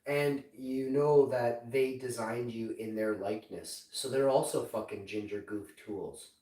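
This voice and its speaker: A man's voice: mid-range voice, unhurried, dark tone, roomy sound, far from the mic, poor audio. A man in his forties streaming live and chatting with an AI assistant in a profane, rambling, mocking way. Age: 40s. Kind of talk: casual chat with an AI assistant.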